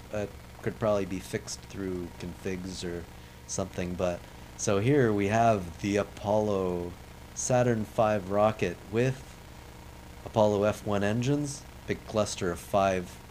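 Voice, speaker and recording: While playing a space sim on stream, a man talks casually in a low, slightly mellow voice, rambling and poking fun at himself. The recording is low quality, with a little hiss or hum.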